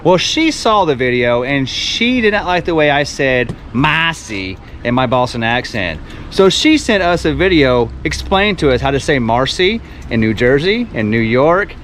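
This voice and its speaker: A man from Texas hosting a travel vlog, telling stories and giving advice in a casual, animated way. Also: medium pitch, moderate pace, a little hiss or hum. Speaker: vlog host.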